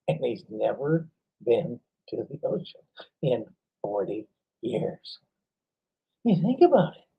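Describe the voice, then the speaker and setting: A man giving an animated motivational talk, telling stories with frequent laughs and emphatic jumps in pitch. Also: husky, lo-fi sound. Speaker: motivational speaker.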